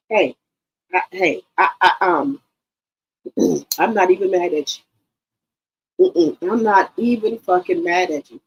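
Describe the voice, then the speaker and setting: A woman in her sixties hosting a casual live stream, reading viewer comments aloud in an animated, profane way and repeating herself. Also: lowish voice, measured pace, pauses often, breathy edge, low-quality recording. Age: 60s.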